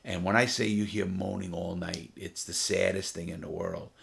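A man's voice: low voice, steady tone, moderate pace, vocal fry, fairly bright tone. A middle-aged man, a former prisoner, bluntly telling first-person stories with profanity. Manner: blunt and profane, vivid retelling.

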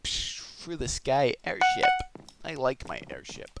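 An excitable Australian man giving gameplay commentary, swearing and swinging between shouted outbursts and low muttering. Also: measured pace, creaky, heavy background noise. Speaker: gaming commentator.

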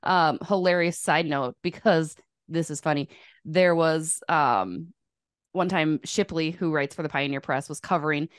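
A woman's voice: deep voice, a little slow, clear, resonant tone, no echo, studio quality. A woman co-hosting a podcast in casual chat, teasing and laughing as she tells stories. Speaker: podcast co-host.

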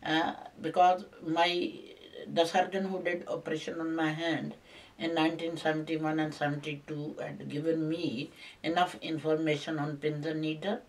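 An older man telling a personal complaint at length, halting and repetitive, with many fillers. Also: fairly high pitch, little pitch movement, distant mic, low-quality recording.

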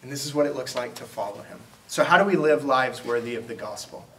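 A man's voice: mid-range voice, quick pace, fairly bright tone, a little hiss or hum. Man, pastor, sermon, conversational, acts out quoted dialogue, echoey church, distant mic. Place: church auditorium. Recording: roomy, from a distance.

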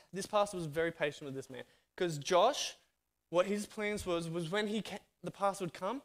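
Australian male speaker, slightly high voice, lively sermon storyteller who acts out dialogue. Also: normal speed. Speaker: guest speaker.

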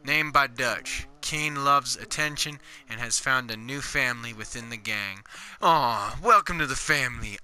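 A man hosting a let's play, chattering excitedly and rambling as he plays. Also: mid-range voice, unhurried, hardly any pauses, clear, resonant tone. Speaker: gaming YouTuber.

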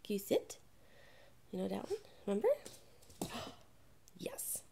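A woman's voice: mid-range voice, sing-song, unhurried, gravelly, noisy background. A woman talking casually to a puppy during training, in coaxing baby talk full of praise, often dropping into whispers. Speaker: dog trainer.

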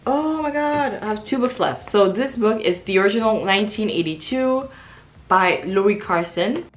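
A woman with a mid-range voice vlogs casually about a book haul, reading back covers aloud and reacting with quick exclamations.

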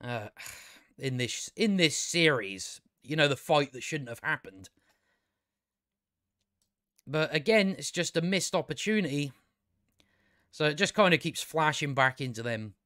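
A fairly high-voiced man ranting casually about something that irritates him, sarcastic and exasperated, with plenty of swearing and false starts. The sound is dry and close, with no room echo. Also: lively intonation, measured pace, pauses often, a bit bright. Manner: exasperated, sarcastic, swears a lot, many restarts. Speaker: video reviewer. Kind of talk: casual rambling review.

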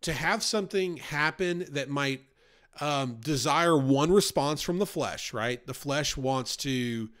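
A man's voice: a little high, takes it slowly, fairly bright tone. A man gives a casual Bible study. He talks in a chatty way and often checks in with "right?" and "you know?". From New York. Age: 40s.

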